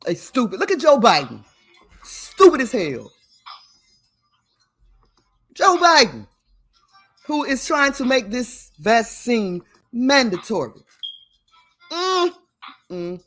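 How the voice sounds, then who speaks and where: A woman's voice: fairly high pitch, very animated, slow pace, pauses often, a bit bright, soft background music. Emphatic laughing woman on a livestream. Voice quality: laughs often, emphatic and preachy. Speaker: livestream host. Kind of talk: casual livestream talk to viewers.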